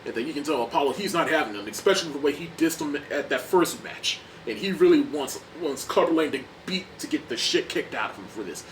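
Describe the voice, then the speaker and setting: A man's voice: on the high side, animated, a little fast, few pauses. A young man casually reviewing a movie in an enthusiastic, rambling way, often repeating himself. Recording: distant mic, faint background noise.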